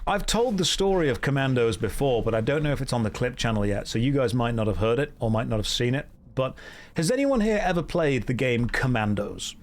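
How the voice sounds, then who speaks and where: Animated man streaming a game. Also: mid-range voice, brisk. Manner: joking, self-mocking storyteller reacting to chat. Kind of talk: casual live-stream chat while gaming.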